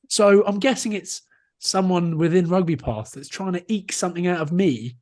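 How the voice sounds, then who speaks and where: Guy in his 30s on a rugby podcast, bit higher voice, self-mocking yarns. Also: normal speed, a little mellow. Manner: jokey, self-mocking storyteller. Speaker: podcast co-host, rugby player. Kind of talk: casual chat, anecdotes.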